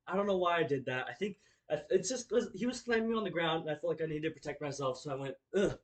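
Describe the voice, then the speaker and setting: A young man with a slightly high voice races through a storytime vlog, rambling casually with plenty of fillers, false starts and swearing. He acts the story out with gestures as he goes.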